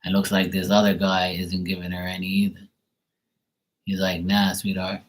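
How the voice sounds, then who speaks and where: Deep voiced guy on a tarot livestream, blunt, cussing, ranting casually. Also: monotone, moderate pace, poor audio. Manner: blunt, profane, ranting with chuckles.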